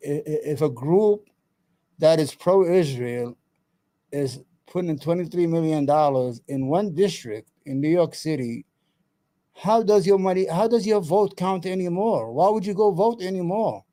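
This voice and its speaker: Heated, cursing livestream host. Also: male voice, on the high side, expressive, unhurried, mellow. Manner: heated, profane, repeats himself; chatty asides to viewers. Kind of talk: ranting political commentary.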